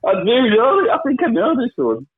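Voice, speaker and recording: Podcast co-host man, easily amused, lively pitch, quick to laugh. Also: narrow, tinny audio. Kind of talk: casual chat.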